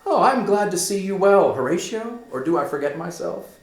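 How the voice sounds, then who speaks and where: Guy doing a sarcastic bitter young prince, pitched way up, loud and emphatic, echoey room. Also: expressive, normal speed. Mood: eager greeting. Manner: emphatic, raised declamation.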